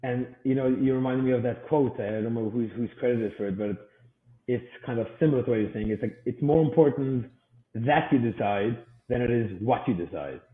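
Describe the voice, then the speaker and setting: A man's voice: mid-range voice, fairly quick. Man on a tinny, echoey remote line. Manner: storytelling, acts out quoted voices. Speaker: podcast guest, business coach. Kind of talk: casual interview talk with acted-out anecdotes. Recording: echoey room over a tinny phone-like line.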